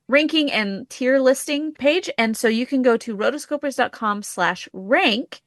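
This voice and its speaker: Chatty podcast woman, slightly gravelly. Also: a little high, fairly bright tone, dry recording, clean studio sound. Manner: upbeat, chatty, laughs easily. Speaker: podcast co-host. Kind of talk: casual podcast chat.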